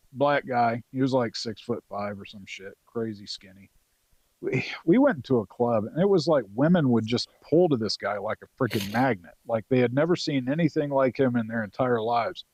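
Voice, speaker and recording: A Marine veteran in his forties from North Carolina, appearing as a podcast guest, casually rambles through an old service story, cursing freely and filling gaps with lots of filler words. His mid-pitched voice comes at a normal speed, and the recording sounds muffled, dry, and close, with hardly any room echo.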